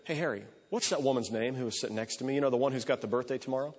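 A man's voice: mid-range voice, very fast, lightly acted. A man doing a friendly easygoing preacher. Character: kindly friendly male preacher. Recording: echoey hall.

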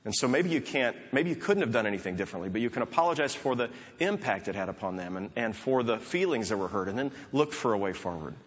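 A man's voice: lowish voice, expressive, quick pace, few pauses. A man preaching a sermon in a conversational, storytelling way, acting out quoted dialogue. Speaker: pastor. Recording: long hall reverb.

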